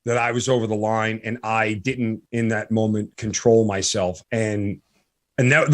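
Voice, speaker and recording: A middle-aged man hosting a podcast interview, talking casually and with feeling, stopping and restarting often with many fillers. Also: lowish voice. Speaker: podcast host.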